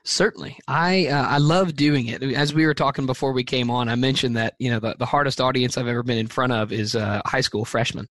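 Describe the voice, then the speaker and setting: A man's voice: mid-range voice, brisk, few pauses, fairly bright tone, no room sound. A man being interviewed as a teacher and speaker, answering earnestly and thoughtfully, with frequent fillers and restarts.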